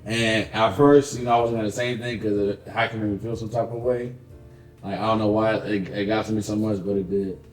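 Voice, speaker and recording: A man's voice: on the low side, brisk, roomy sound, soft background music, poor audio. A man co-hosting a podcast, chatting casually and animatedly, with plenty of swearing and acted-out dialogue. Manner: animated, profane, acts out dialogue. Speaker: podcast co-host. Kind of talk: casual chat, storytelling.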